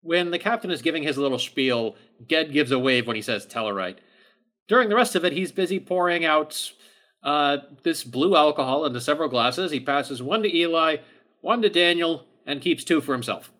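Bright-voiced man running a tabletop game. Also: fairly high pitch, lively intonation, normal speed. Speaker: game master.

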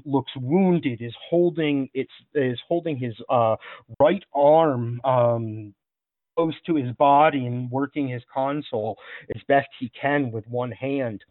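Running a tabletop role-playing game, a man with a mid-range voice narrates scenes rambling on with many fillers. It's a dry recording with a phone-like online call quality.

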